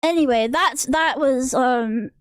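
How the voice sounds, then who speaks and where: A woman's voice: high-pitched, slow pace, smooth, no room sound, clean studio sound. A woman streamer in a casual rant, rambling and restarting her sentences, sounding exasperated. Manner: rambling, self-interrupting, exasperated.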